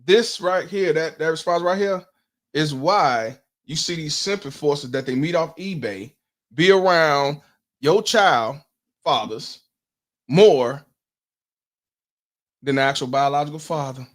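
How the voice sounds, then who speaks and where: A man's voice: a little high, expressive, a little slow. A man, hosting a commentary stream, blunt and profane, putting questions to his audience. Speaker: host.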